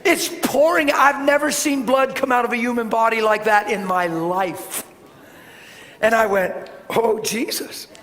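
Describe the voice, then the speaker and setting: A middle-aged man preaching a sermon, telling a story with animated swings from shouting to soft, hushed tones. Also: extremely high pitch, unhurried. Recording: echoey hall with faint ambience.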